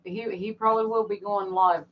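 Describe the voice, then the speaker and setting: A woman's voice: medium pitch, fairly even intonation, moderate pace. A woman co-hosting a livestream in a casual chat, relaying helpful messages to viewers. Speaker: co-host. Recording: dull lo-fi audio with faint background noise.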